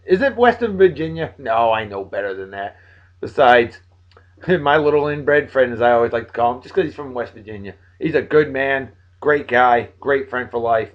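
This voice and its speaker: A man's voice: medium pitch, highs cut off. Tired, joking man in his forties. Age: 40s. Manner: joking, friendly, swinging between loud bursts and mumbles. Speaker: video blog host. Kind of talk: casual shout-outs to friends.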